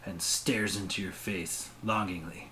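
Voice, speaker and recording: A man running a tabletop game as game master, narrating in a relaxed, rambling way. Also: low voice, a little slow, slight background noise. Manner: relaxed, rambling, casual swearing.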